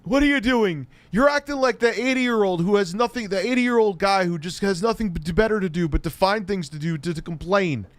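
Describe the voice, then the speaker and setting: This adult man's voice sits high, and he talks fairly quickly with few pauses and no echo. As a commentary host, he delivers a mocking, incredulous rant to his own peer group, laughing often and swearing freely.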